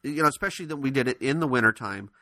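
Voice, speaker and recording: A man co-hosting a podcast, casually telling a funny family story in an animated way, with frequent laughs. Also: mid-range voice, rapid-fire, dry recording. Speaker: podcast co-host.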